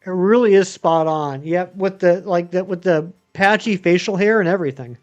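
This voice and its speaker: A man in his thirties talks loosely to his viewers, drifting between topics and filling gaps with ums. His voice sits high for a man. Soft music plays faintly behind him. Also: normal speed, smooth, muffled recording. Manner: rambling, chatty, many ums and uhs. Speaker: game streamer. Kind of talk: casual live-stream chat answering viewers.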